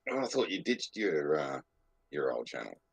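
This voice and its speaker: A man's voice: a bass voice, big pitch swings, moderate pace, vocal fry, a crowd in the background. A man on a stream call, swearing nonstop and sounding frustrated. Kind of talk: casual chat.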